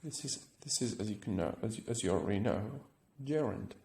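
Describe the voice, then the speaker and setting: Gravelly-voiced man teaching English grammar. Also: fairly low pitch, lively intonation, brisk, a little mellow, reverberant. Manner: explains step by step, often checks with "right?". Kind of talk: recorded grammar lesson.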